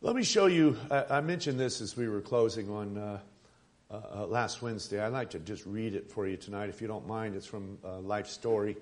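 A man preaching a sermon, speaking haltingly with many fillers and restarts. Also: on the low side. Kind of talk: sermon with a read-aloud story.

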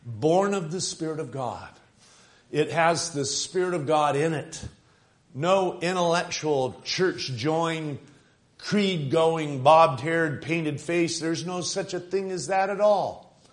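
Fervent higher-voiced male preacher. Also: takes it slowly. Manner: fervent, rising to shouts, quoting and laughing. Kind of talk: sermon.

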